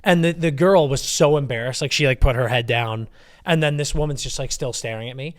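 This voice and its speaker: A young man co-hosting a podcast, telling a story in an animated, casual way and swearing freely. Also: medium pitch, fairly quick. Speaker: podcast co-host. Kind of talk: casual chat.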